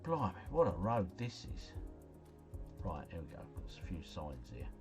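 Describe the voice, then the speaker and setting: A man with a fairly low voice gives running commentary on a game he is streaming live. He is chatty and excitable and keeps turning to his viewers. Faint music plays underneath. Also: measured pace. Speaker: gaming livestreamer.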